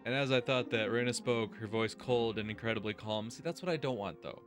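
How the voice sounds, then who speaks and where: A man's voice: medium pitch, fairly quick, faint music behind. A man hosting a let's-play video, reading game text aloud and reacting with exasperation and heavy swearing. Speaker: gaming video host.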